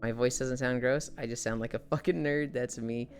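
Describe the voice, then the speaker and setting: A woman's voice: rumbling low, fairly even intonation, moderate pace, darkish tone, soft background music. A young woman streamer with a nasal voice, sick, chatting with viewers in a sarcastic and profane way. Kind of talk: casual live-stream chat.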